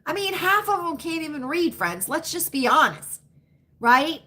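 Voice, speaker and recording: A woman in her fifties from the United States, hosting a casual livestream and talking straight to her chat with drawn-out, emphatic asides. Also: high-pitched, big pitch swings, bright, forceful tone. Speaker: livestream host.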